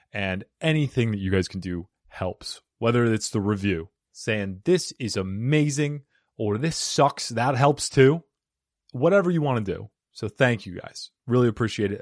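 A man's voice: on the low side, dry recording. A man hosting a comedy podcast, joking and self-deprecating as he talks casually into a studio mic. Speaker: podcast host. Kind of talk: casual podcast intro and chat. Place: home studio in Arizona. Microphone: studio microphone.

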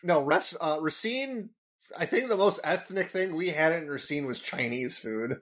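Animated man with a lively voice. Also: a little high, moderate pace, crowd noise. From Wisconsin. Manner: animated, retells scenes and acts out the lines. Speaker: podcast co-host. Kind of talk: casual chat.

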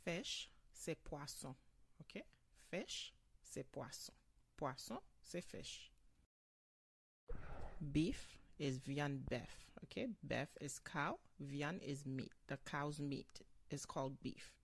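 Haitian-accented male teacher, unhurried gravelly delivery, dry close sound; patient vocabulary drills. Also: a little high, no room sound. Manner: slow, repeats each word, ends phrases with "ok?". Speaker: language teacher. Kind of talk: bilingual vocabulary lesson.

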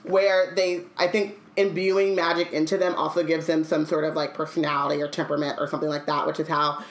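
A woman's voice: deep voice, flat delivery, fairly quick. A woman co-hosting a casual book podcast, reading passages aloud and joking about them. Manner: reads passages aloud, then riffs with loose jokes. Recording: echoey room.

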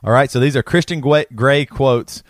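A man's voice: mid-range voice, normal speed, no room sound, studio quality. A man with a South Carolina accent, hosting a podcast in casual, rambling talk that is full of restarts. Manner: rambling, self-correcting, laughs often. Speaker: podcast host.

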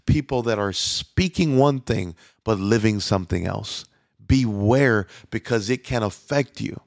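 A man's voice: on the low side, a little slow, vocal fry, a little mellow, no echo, studio quality. A man preaching as a pastor, talking conversationally with frequent restarts and fillers. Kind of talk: sermon.

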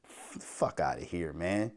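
This Minnesota man speaks low and a little slowly, but his intonation stays lively as he fumes through a profane solo podcast rant. He curses nonstop, gets loud, and mocks the voices he quotes.

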